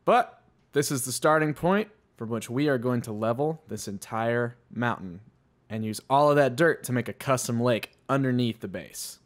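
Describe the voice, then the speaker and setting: This gaming channel host speaks at a normal speed in an expressive, mid-range voice. Offering relaxed let's-play commentary, he talks his way through his own gameplay, addressing both himself and the animals in the game.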